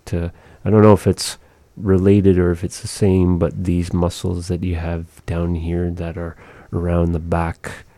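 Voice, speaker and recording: Deep, mellow male language teacher; slow, patient, demonstrates sounds. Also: dry recording. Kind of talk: explaining pronunciation.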